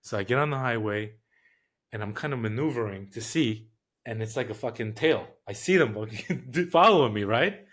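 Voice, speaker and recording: A man's voice: mid-range voice, animated, normal speed, a bit bright. A man, a podcast guest telling a story in a casual, profane, streetwise way.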